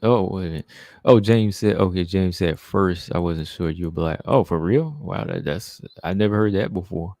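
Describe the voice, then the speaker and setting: A man's voice: low voice, normal speed, warm tone, dry recording, studio quality. A man hosting a casual live stream, reading viewer comments and answering them in a chatty way. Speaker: livestream host reading chat.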